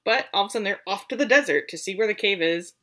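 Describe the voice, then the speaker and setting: A woman co-hosting a casual chat, retelling a film plot in a relaxed, chatty way. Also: mid-range voice, fast.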